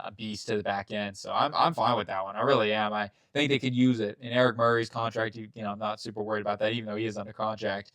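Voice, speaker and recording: A young man hosting his channel, chatting through a football mock draft in a rambling, casual way, full of asides and quick self-corrections. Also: medium pitch, a bit bright, dry recording. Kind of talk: casual sports commentary.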